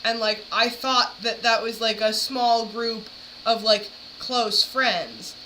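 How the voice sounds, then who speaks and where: A woman's voice: on the high side, slow pace, pushed and bright, a little hiss or hum, low-quality recording. Rambling woman chatting casually. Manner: rambling, many fillers like "like". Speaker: streamer reacting to videos. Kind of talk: casual chat.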